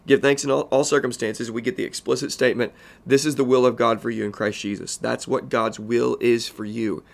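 A man's voice: medium pitch, little pitch movement, creaky. Earnest man hosting a pastoral podcast. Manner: earnest, pastoral, speaks slowly and softly at key points. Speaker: podcast host addressing pastors. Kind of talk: podcast teaching monologue.

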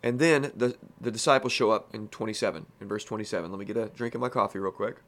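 A man's voice: on the low side, fairly even intonation, fast, a bit bright. A man teaching through a Bible passage in a plain-spoken, folksy way, full of casual asides. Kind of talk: conversational Bible teaching podcast.

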